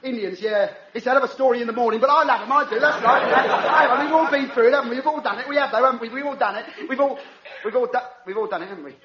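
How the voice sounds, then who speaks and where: An actor playing a brash club comedian who badgers the crowd, repeating himself in a stand-up routine. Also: male voice, very high voice, rapid-fire. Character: brash pushy club comedian, man, middle-aged. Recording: echoey, muffled, audience laughter.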